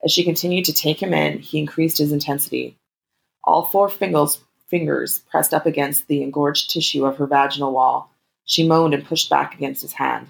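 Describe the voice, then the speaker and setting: A woman reading an erotic story aloud in a calm, steady narration. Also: sits low, gravelly, low-quality recording.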